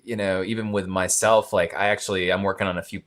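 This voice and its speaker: Man, from Maryland, podcast guest, filmmaker, low voice, rambling, soft-spoken. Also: little pitch movement, quick pace. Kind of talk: casual conversation.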